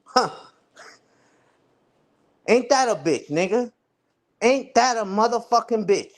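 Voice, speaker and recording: A man's voice: very high-pitched, expressive, slow pace. A man ranting casually on a livestream, taunting and repeating himself. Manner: taunting, repetitive, says "respectfully" and "you heard".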